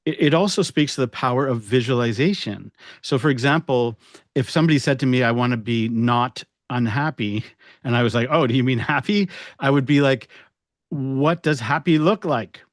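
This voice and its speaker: A man hypnotherapist speaks in a mid-range voice during relaxed podcast conversation. He explains ideas with playful asides and a few restarts. The recording sounds dry and close. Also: mid-range voice, moderate pace, dry recording. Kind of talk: casual podcast chat.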